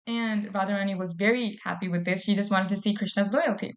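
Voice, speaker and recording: A woman's voice: medium pitch, steady tone, fast talker. A woman retelling a devotional story in a casual, chatty way, with plenty of fillers. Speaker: devotee speaker.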